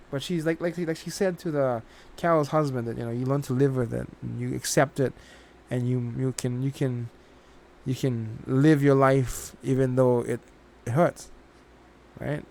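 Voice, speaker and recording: A man talks through his thoughts on a series in a loose, rambling way, often restarting his sentences and dropping in casual swearing. His voice sits at an ordinary middle pitch. Faint ambience hums in the background. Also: a little mellow, slight background noise. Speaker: reaction channel host. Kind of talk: casual spoken review.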